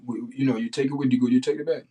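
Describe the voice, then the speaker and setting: A man's voice: medium pitch, steady tone, very fast, warm tone. Man in a blunt, repetitive rant. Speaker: livestream host. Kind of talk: unscripted livestream monologue.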